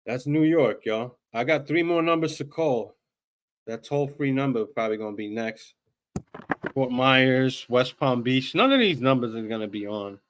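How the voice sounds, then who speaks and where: A man's voice: mid-range voice, expressive, fairly bright tone. Mocking man on a live stream. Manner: mocking, chatty, reads numbers aloud slowly. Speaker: streamer making prank calls. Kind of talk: casual live-stream chat.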